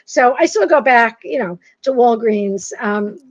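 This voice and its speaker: 60s woman from massachusetts telling funny stories, high-ish voice, dull dry sound. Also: measured pace, no echo. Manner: animated, self-deprecating, acts out quotes. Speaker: author and guest. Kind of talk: casual interview storytelling.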